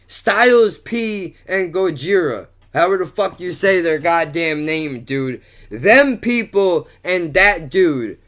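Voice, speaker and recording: A man rambling through a crude, profanity-filled vlog monologue, swearing and mocking himself. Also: a little high. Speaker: vlogger.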